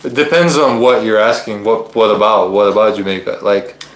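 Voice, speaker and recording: A man co-hosting a casual live-stream chat from his living room, joking and teasing in relaxed banter. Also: fairly low pitch, brisk. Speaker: co-host. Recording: echoey living room, faint noise.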